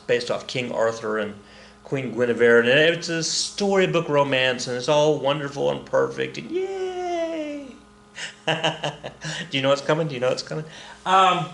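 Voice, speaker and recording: A man's voice: medium pitch, fairly bright tone. A man in his fifties teaching history in a loose, chatty way, full of jokes and self-corrections. His mid-range voice rings in a roomy space. A faint hum sits underneath. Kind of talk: casual recorded lesson.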